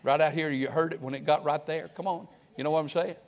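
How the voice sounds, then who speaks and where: A man preaching a sermon, swinging between loud calls and hushed, quiet prayer, often repeating his words. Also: a little high, fairly even intonation, fast. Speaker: pastor.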